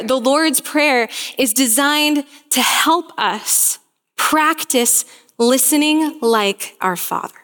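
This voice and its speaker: A woman's voice: high-pitched, fairly bright tone, long reverb tail. A young woman preaching a sermon, telling a story in an earnest, storytelling way.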